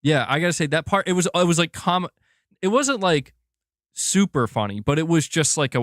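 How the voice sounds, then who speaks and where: A man hosting a gaming channel, reviewing a game in a casual livestream, rambling and excitable, swearing freely. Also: fairly high pitch, normal speed, dry recording, clean studio sound.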